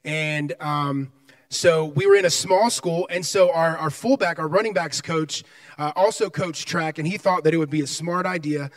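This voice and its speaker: High-voiced man preaching from a distance. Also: normal speed, no room sound. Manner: animated, acts out scenes and voices in his story. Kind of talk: sermon with personal storytelling.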